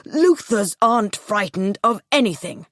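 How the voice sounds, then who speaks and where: A woman voicing a rich, stern businessman father who barks orders, in a slow, dry-sounding storybook reading. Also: mid-range voice, animated, fairly bright tone, no echo. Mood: commanding. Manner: barking orders.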